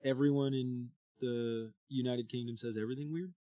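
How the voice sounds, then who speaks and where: A man's voice: medium pitch, fairly even intonation, moderate pace, mellow, dry recording, studio quality. A man co-hosting a book club podcast who makes wry, jokey asides in a casual chat. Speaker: podcast co-host.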